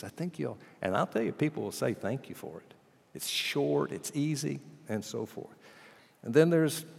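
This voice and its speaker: A middle-aged man preaching a sermon, telling stories and acting out both sides of a conversation, swinging from loud bursts to near-quiet asides. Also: lowish voice, vocal fry. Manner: storytelling, acting out dialogue with big swings in loudness. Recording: long hall reverb.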